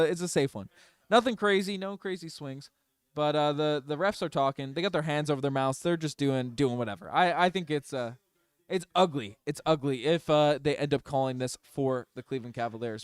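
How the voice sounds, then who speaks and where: A man streaming fan play-by-play of a basketball game, excitable and openly partisan, talking to his chat. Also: a little high, dry recording. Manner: excitable, biased home-team fan chatting with his chat. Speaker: streamer doing live play-by-play. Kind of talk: fan play-by-play livestream commentary.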